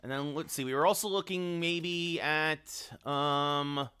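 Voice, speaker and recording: A male streamer with a bright, forceful voice that sits slightly high for a man. He thinks aloud as he scrolls, breaks off into asides to his viewers, and talks into a desk microphone at home. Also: steady tone, takes it slowly, clean tone. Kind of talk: live game-stream commentary.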